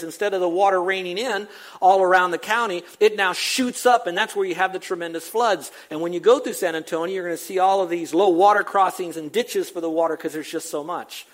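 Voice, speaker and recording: An older male pastor delivers a sermon in a fairly high voice. He preaches emphatically, repeating words over and over and lifting his voice on key points. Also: brisk, a bit bright. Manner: emphatic, repetitive preaching with rising exclamations.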